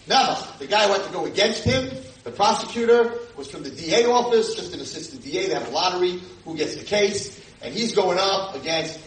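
Brief: man, rabbi giving a lively talk, slightly high voice, mic far off in a roomy hall, noise behind. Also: brisk, few pauses. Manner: acts out quoted voices with sudden loud shouts. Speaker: rabbi lecturer. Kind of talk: animated storytelling lecture to a live audience. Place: community hall with audience.

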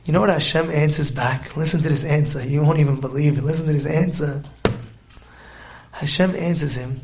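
A man giving a live Torah lecture, emphatic and repetitive, exclaiming often and swinging between hushed lines and shouted stresses. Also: a little high, steady tone, fast. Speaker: Torah teacher.

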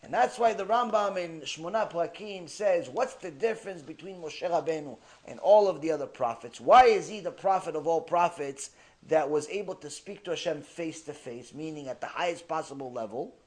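A man delivering a religious ethics lecture, telling stories in an animated way and mixing in Hebrew terms. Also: a little high, moderate pace. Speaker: Torah lecturer.

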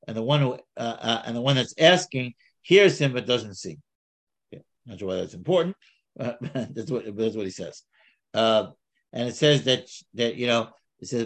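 Halting man reading and explaining text. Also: mid-range voice, a bit bright. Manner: halting, with many restarts and fillers; reads Hebrew aloud, then paraphrases. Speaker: Torah teacher. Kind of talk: casual text study.

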